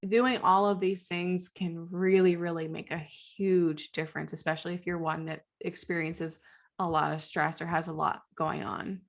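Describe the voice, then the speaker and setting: A woman's voice: lowish voice, flat delivery, normal speed, gravelly. A chatty woman co-hosting a casual podcast, with a voice sitting a little below the usual. She draws on her counseling work and fills her sentences with "like", breaking into easy laughs. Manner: chatty, peppered with "like", laughs often. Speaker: podcast co-host, school counselor.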